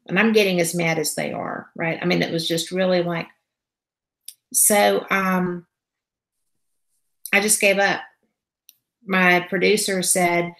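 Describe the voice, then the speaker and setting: A woman who is a paranormal investigator, telling a story as a guest in a casual interview. She is animated and acts out the conversations she describes. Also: fairly low pitch, unhurried, long pauses, roomy sound, low-quality recording. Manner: animated, re-enacting conversations as she tells them.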